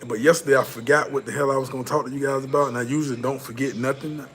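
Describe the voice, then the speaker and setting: Racing through his words, a man from the American South reads chat on his casual livestream, loose and profane, with plenty of repeats and restarts. His medium-pitched voice keeps a fairly even intonation, and a little hiss or hum sits in the background.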